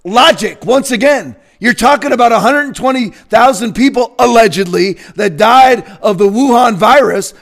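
A man delivering an emphatic, combative political opinion rant. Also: very high-pitched. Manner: combative, emphatic, bursts into shouting. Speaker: political commentator.

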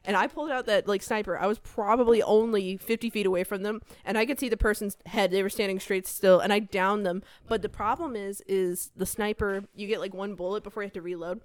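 Rambly giggly woman on a podcast, middle pitch, dead dry mic. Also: fairly even intonation, a little fast, few pauses, dry recording. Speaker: podcast co-host. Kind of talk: casual chat.

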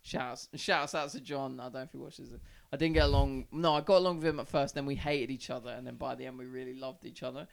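Creaky-voiced young man telling a story. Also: mid-range voice, steady tone, quick pace, hardly any pauses. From South East London. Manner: rambling, heavy swearing, lots of "like". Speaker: podcast guest. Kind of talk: casual storytelling chat.

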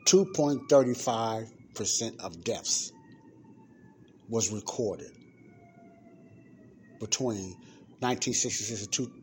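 A man's voice: lowish voice, darkish tone, a little hiss or hum. A man hosting a church podcast. He reads a report aloud and comments on it, repeating numbers for emphasis and asking listeners rhetorical questions. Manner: talks directly to listeners, asks rhetorical questions. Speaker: podcast host addressing a church audience.

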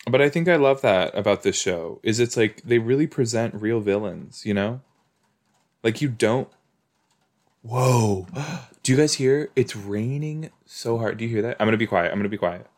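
A man's voice: medium pitch, expressive, normal speed. A man hosting a podcast, reacting aloud with gushing exclamations and laughs while watching a TV episode. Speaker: podcast host.

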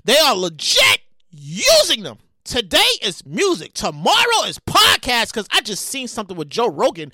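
Excitable podcast host who shouts. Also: female voice, a little high, moderate pace, no echo. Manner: shouts and gets excited, stammers and repeats; sound effects and dramatic outbursts. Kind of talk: excitable comedic rant.

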